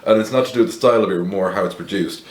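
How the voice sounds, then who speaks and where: An Irish man with a low voice talks through a beer tasting in a loose, rambling way. He is wry and blunt, with lots of fillers, and the room gives back a noticeable echo. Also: racing. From Ireland. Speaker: beer reviewer, host. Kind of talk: casual chat to camera.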